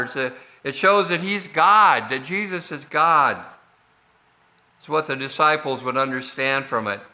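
A male pastor delivering a sermon at an unhurried, measured pace. His voice is strikingly bright and forward, sitting a little high for a man. He talks it through plainly, pausing often with small fillers. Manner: slow, deliberate preaching with frequent fillers.

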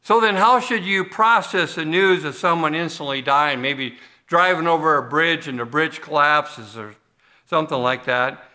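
Guy pastor giving a sermon, slightly higher voice, loose chatty style w/ lots of uhs and restarts. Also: normal speed, pushed and bright. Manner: conversational, with many restarts and fillers. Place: church.

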